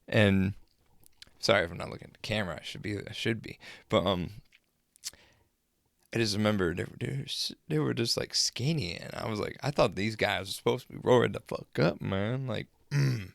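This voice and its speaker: A young man casually telling rambling, crude, excitable stories to his camera. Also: on the low side, normal speed, creaky, no room sound, clean studio sound. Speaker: vlogger. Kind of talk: casual storytelling.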